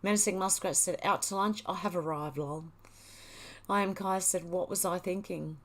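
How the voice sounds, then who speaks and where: With a lowish voice and a steady tone, a middle-aged woman from Australia runs a livestream at a moderate pace. She reads the chat out loud and responds in easygoing conversation.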